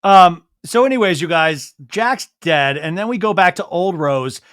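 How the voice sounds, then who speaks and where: Young man, podcast host, comedic recap, bright high voice, dry close mic. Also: a little slow, clean tone, no room sound. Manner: animated, camp, mocking, swears freely. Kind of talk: comedic movie recap, acting out scenes.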